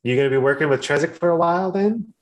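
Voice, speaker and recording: A man's voice: on the high side, fast, pitched above the performer's own voice, close to an everyday voice, poor audio. A man doing a stammering, friendly woman worker. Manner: stammering, eager, overly friendly.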